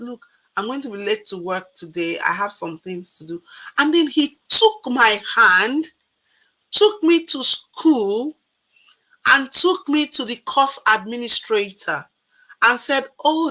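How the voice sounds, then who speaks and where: A woman in her forties tells her own story with a bright, forceful voice sitting a little high. She talks casually and acts out the people she quotes with animation. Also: rough recording. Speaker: guest telling her story.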